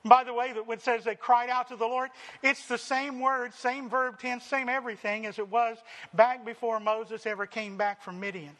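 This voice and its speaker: High, bright-voiced preacher man. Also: steady tone, moderate pace. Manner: dramatic, acts out quotes, swings from loud to hushed. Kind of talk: sermon.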